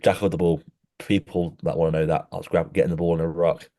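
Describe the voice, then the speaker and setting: A young man chats loosely on a podcast, his voice sitting very low. He rambles through stories in a laddish way, dropping "mate" into nearly every sentence. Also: little pitch movement, fast, warm tone. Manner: rambling, laddish storytelling, says "mate" constantly. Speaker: podcast co-host. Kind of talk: casual chat.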